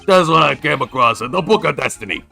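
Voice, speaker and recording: Man voicing lovestruck young artist, high pitch, loud, eager, gravelly edge. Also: expressive, fast, faint music behind, heavily acted. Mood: excited.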